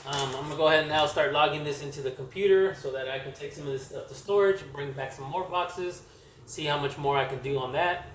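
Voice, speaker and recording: A man's voice: fairly high pitch, quick pace, fairly bright tone. A man casually showing his comic collection on camera, rambling with many fillers and self-corrections. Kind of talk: casual show-and-tell vlog. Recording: roomy echo, distant mic, faint hiss.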